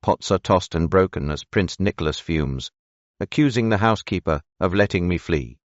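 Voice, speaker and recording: Male narrator, very deep voice, first-person audiobook reading, steady measured delivery, dry slightly dull sound. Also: no echo.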